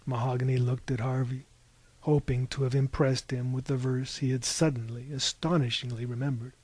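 A man reading a story aloud as narrator, with measured storytelling that rises into animated bursts. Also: medium pitch, breathy edge.

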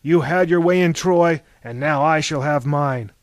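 A man voicing a furious, defiant goddess in a shrill, loud voice. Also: unhurried, dry recording, clean studio sound, lightly acted.

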